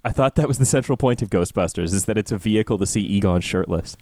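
A man's voice: lowish voice, fast, mellow, dry recording, studio quality. A man co-hosting a podcast, joking around in casual chat about a TV episode and often restarting his sentences. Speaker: podcast co-host.

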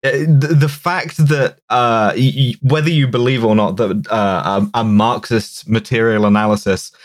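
A man's voice: medium pitch, steady tone, normal speed. A man co-hosting a podcast, joking sardonically in casual chat, often stammering as he restarts. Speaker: podcast co-host.

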